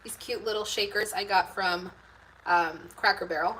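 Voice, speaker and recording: A woman's voice: medium pitch, steady tone, normal speed, far from the mic, poor audio. A woman hosting a live cooking stream from her home kitchen, rambling casually to viewers and reading their comments aloud. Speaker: homemaking channel host. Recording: loud background noise in a home kitchen.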